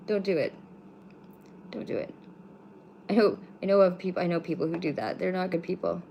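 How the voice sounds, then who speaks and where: A woman's voice: fairly low pitch, steady tone, fast, creaky, mellow, slight background noise. A woman from Canada hosting a casual livestream from her home, talking bluntly to her viewers, swearing freely and teasing the chat. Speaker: livestream host. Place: home room with pets.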